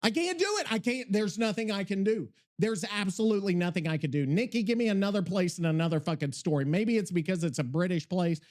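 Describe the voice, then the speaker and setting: A man's voice: high-pitched, lively intonation, quick pace, few pauses, darkish tone. A man hosting a podcast live, ranting in exasperation and swearing, repeating his questions. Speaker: podcast host. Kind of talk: casual live podcast chat.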